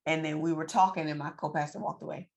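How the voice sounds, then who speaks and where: A woman telling a personal story to her viewers in a lively, preacherly way, repeating phrases for emphasis. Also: low-pitched, fast talker. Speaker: financial coach and vlogger. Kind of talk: casual storytelling to camera.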